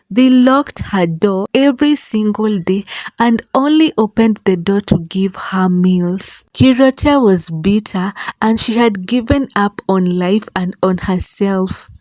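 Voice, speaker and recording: A woman narrating a folktale in a slow, deliberate manner. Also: mid-range voice, darkish tone, no room sound. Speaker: storyteller.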